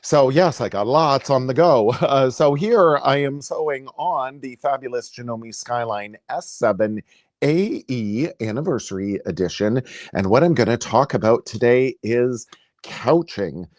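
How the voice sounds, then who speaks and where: A cheerful man hosts a sewing lesson live from his sewing room, talking in a loose, upbeat way with plenty of "uh"s and little laughs. His voice is mid-pitched. The sound is dry and close, with no room echo. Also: lively intonation, unhurried, a little mellow. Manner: chatty and upbeat, laughs often, many fillers. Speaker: sewing educator and live-stream host. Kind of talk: casual live-stream demonstration. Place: home sewing room, indoors.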